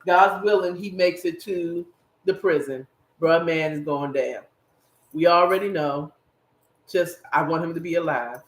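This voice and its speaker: A man's voice: a little high, a little slow. A man hosting a podcast, rambling and emphatic as he talks straight to his viewers in a casual solo commentary. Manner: rambling, emphatic, speaks directly to the audience. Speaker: podcast host. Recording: echoey room.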